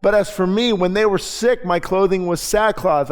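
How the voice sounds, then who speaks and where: A man preaching to his congregation in a voice pitched a little above the usual male range. He reads scripture slowly and deliberately, then drops into quick, conversational asides to explain it. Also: clear, resonant tone. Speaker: pastor. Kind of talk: sermon. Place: church.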